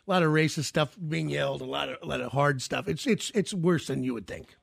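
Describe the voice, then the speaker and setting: A man's voice: fairly high pitch, fairly quick, gravelly, fairly bright tone, no echo, clean studio sound. A man hosting a casual talk show, agreeing readily and stammering through repeated words. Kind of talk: casual chat.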